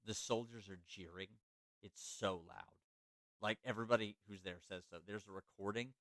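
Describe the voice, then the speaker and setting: A man's voice: on the low side, fairly even intonation, moderate pace, a bit bright, no room sound. A man hosting a podcast, telling a history story in a casual way with many fillers and restarts. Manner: loose, filler-heavy, self-correcting. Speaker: podcast host.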